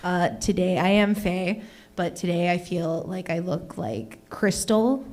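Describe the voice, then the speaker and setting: Before a live audience in a small comedy venue, a young woman performs an open mic stand-up set, rambling, mocking herself, and chatting with the crowd while saying "oh my goodness" again and again. Her voice is lowish and darkish, her pace measured. There's slight background noise.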